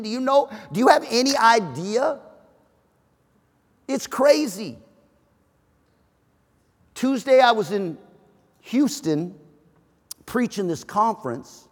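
A man preaching a sermon as pastor, emphatic and joking, with shouted peaks. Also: extremely high pitch. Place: church auditorium. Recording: reverberant hall.

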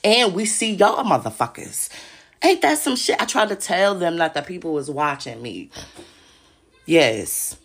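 Gravelly-voiced woman ranting, profane and agitated. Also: fairly low pitch, big pitch swings, a little slow. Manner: agitated, profane, repeats herself. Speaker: podcast host. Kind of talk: casual monologue to listeners. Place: home.

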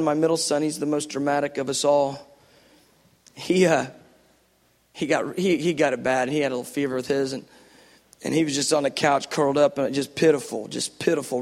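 Man, middle-aged, preacher, high voice, impassioned sermon, long reverb. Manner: impassioned, builds to loud repeated phrases then drops to a hush.

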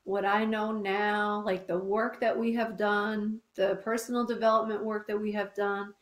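A woman co-hosting a podcast, chatting casually with a slow, drawn-out delivery. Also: mid-range voice, flat delivery. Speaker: podcast co-host. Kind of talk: casual chat. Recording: echoey room.

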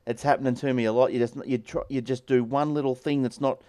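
A man's voice: medium pitch, steady tone, fast talker, darkish tone, smooth, no echo, clean studio sound. A man, hosting a podcast, chatting casually and venting in a rambling, exasperated way. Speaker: podcast host. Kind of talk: casual chat.

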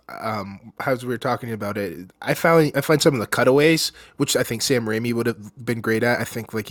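Young guy gushing on a film podcast, mid pitch, dry close sound. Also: dry recording. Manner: enthusiastic, rambling tangents. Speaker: podcast co-host. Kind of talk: casual film podcast chat.

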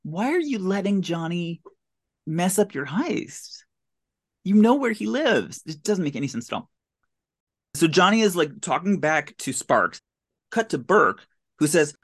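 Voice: medium pitch, very animated, moderate pace, fairly bright tone. Podcast host, mid-range voice: sarcastic, baffled play-by-play of a bad movie. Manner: incredulous, sarcastic running commentary. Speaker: podcast host recapping a film. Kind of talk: casual comedic movie recap.

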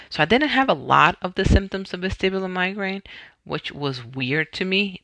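Guy from puerto rico telling his own story on a podcast, bright gravelly voice, keeps correcting himself. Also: medium pitch, dry recording. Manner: conversational, retells scenes and often corrects himself. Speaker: podcast host. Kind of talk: personal health story podcast.

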